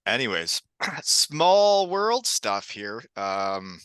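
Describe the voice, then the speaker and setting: A man's voice: on the low side, sing-song, very slow, fairly bright tone, clear, resonant tone, no echo. A middle-aged man from Canada hosting a podcast, chatty and telling stories with frequent laughs. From Elmira, Ontario, Canada. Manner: chatty, laughs often, storytelling. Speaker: podcast host. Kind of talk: casual chat.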